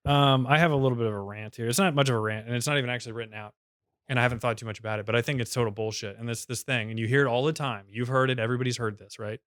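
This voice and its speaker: Quick fired-up male co-host, clear voice in a dry close mic, swears a lot. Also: medium pitch, fairly even intonation, a bit bright, dry recording. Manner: fast, fired-up, profane ranting. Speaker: podcast co-host. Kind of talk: casual ranting chat.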